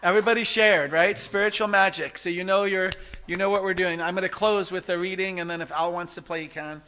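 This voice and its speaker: Male church service leader, bright, a little high, animated and chatty with shouting bursts. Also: brisk, clean tone. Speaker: practitioner leading a service. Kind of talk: sermon. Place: church sanctuary.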